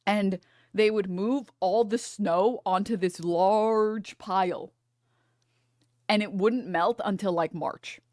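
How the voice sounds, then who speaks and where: Young american woman streamer, cursing a lot, animated storytelling, dry close mic. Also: mid-range voice, slow pace, no room sound. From United States. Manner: animated, profane, laughs through her stories. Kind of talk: casual storytelling chat.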